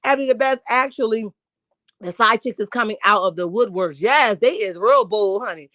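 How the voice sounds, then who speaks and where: A woman's voice: on the high side, lively intonation, moderate pace, a bit bright, no room sound. A woman hosting a casual livestream, reacting with sass and reading out viewer comments as she talks. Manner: sassy, reads viewer comments aloud and reacts. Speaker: livestream host. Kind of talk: casual live-chat commentary.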